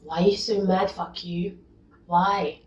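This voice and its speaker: Young female vlogger, deep-pitched, indignant rant, dull roomy recording, distant mic. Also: fairly even intonation, slow pace, slight background noise. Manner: exasperated, indignant, swings from low mutter to loud outburst. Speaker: YouTuber. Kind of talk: vlog rant reading comments.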